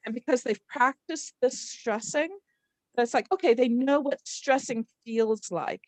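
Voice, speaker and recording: A woman's voice: fairly high pitch, measured pace, no room sound. A woman literacy instructor leading a live workshop, explaining patiently and demonstrating word stress aloud. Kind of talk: live online workshop teaching.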